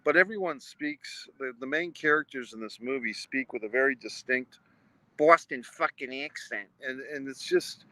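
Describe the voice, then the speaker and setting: A man's voice: medium pitch, moderate pace, few pauses, pushed and bright, dry recording, rough recording. A man reviewing a movie in a casual, rambling livestream from outside a movie theater, swearing often and restarting his sentences. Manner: rambling and profane, with frequent restarts. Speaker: vlogger and film reviewer.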